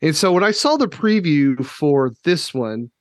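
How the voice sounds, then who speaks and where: A podcast host from Kentucky in casual chat, animated and emotional, swearing casually. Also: male voice, fairly high pitch, unhurried, no room sound.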